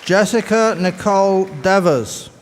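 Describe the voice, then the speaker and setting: A man announcing graduates' names at a commencement in a formal, measured way, through a podium microphone. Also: high voice. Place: large commencement hall. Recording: echoey hall over a PA with crowd noise.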